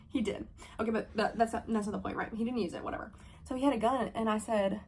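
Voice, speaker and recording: Fast-talking woman with a gravelly edge. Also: mid-range voice, slight background noise. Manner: fast, profane, animated storytelling with fillers; acts out her own heated quotes. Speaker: vlogger. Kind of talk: storytime vlog, casual chat.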